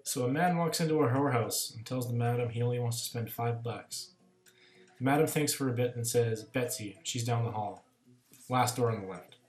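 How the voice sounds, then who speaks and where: A man co-hosting a podcast, telling a crude joke at a steady, deliberate pace to sign off. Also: mid-range voice, reverberant. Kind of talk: casual chat, telling a joke.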